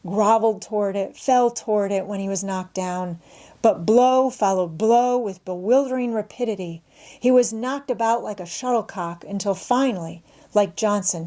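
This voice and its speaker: Woman reading a classic novel aloud. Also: mid-range voice. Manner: measured, expressive storytelling. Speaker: audiobook narrator.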